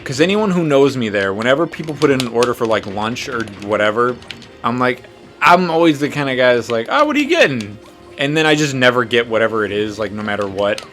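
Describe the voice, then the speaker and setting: A man's voice: medium pitch, lively intonation, a little fast, a bit bright, faint music behind. A man in his twenties telling a rambling, profane, self-mocking story in a casual chat while gaming. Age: 20s. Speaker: podcast host.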